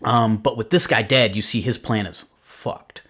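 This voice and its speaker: A podcast host chats casually about horror films, rambling with plenty of fillers and swearing freely. His voice sits on the low side and sounds husky and fairly bright, moving at a normal speed.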